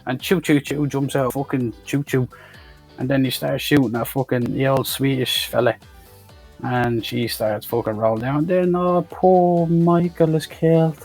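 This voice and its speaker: A man's voice: mid-range voice, little pitch movement, normal speed, creaky, slightly rough, soft background music. A man giving a profane, mocking comic recap of a film as a reviewer. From Ireland. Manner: sweary, ranting, mocking.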